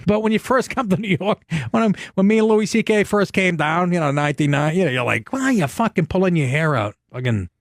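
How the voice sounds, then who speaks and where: Man, radio host, profane ranting storyteller, highish lively voice, dry studio sound. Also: fairly quick, hardly any pauses, dry recording. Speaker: radio talk show host. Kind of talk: casual talk radio monologue.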